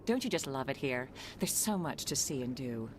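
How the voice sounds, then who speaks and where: A woman's voice: extremely low pitch, expressive, normal speed, slight background noise. An actress voicing an enthusiastic young woman thrilled with her new job, in a video game. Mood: excited. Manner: gushing and enthusiastic.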